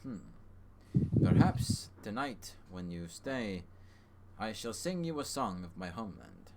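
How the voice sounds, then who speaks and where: A man voicing a curious black bird who speaks slowly and formally in a tabletop game. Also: on the low side, very animated, very noisy.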